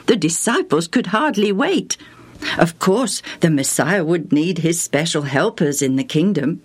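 A woman narrating a Bible story for listeners in a gentle, expressive, measured way. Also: low voice.

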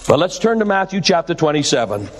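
A man with a high voice preaching a sermon, leaning hard on each word and slowing for emphasis. His voice rings out with a long reverb, as if recorded in a large hall. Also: sing-song. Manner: slow, emphatic preaching with dramatic pauses. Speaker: pastor.

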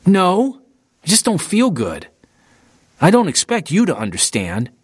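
A man voicing a hot-tempered teenage boy runner who yells indignantly, nervous and defiant. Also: sits high, huge pitch swings, unhurried, slightly rough, no echo, clean studio sound, pitched above the performer's own voice, full character voice. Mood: angry, defiant. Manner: yelling, indignant.

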